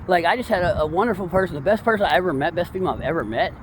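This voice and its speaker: A man in casual, rambling commentary, excitable and slangy, full of digressions. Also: sits high, very fast, a little hiss or hum. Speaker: true-crime commentator.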